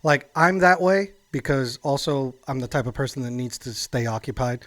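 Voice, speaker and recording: A man's voice: medium pitch, moderate pace, a bit bright, dry recording. Upbeat man co-hosting, dry sound. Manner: upbeat and emphatic. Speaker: podcast co-host. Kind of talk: casual chat.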